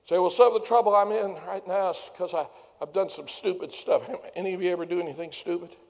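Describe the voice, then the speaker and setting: A man's voice: sits high, fast, vocal fry, a little mellow. A man preaching a sermon as pastor, folksy and down-home, building to fervent preaching. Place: church sanctuary. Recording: long hall reverb.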